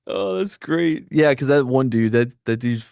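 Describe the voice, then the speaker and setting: A man's voice: medium pitch, lively intonation, a little slow, creaky, a little mellow, no echo, clean studio sound. A man co-hosting a casual podcast chat who jokes, laughs often and keeps restarting his sentences. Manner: slips into mock impressions. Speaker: podcast co-host.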